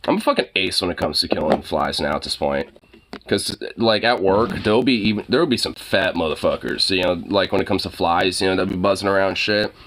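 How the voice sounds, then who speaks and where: A man with a slightly low voice talks casually to the camera about his dog. He is laid-back and profane and chuckles often between remarks. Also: brisk, a bit bright, a little hiss or hum. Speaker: vlogger filming his dog. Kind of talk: casual chat.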